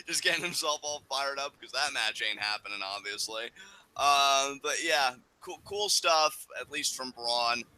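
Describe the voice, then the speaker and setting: A young man co-hosting a casual wrestling review show, emphatic and given to swearing and animated outbursts. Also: a little high, dry recording, rough recording. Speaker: podcast co-host.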